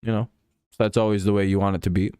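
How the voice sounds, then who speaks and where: A man's voice: fairly low pitch, flat delivery, fast, dark tone, clean tone, dry recording, clean studio sound. A young man streaming a football watch-along, ranting with profanity and mocking players between casual chat with his viewers.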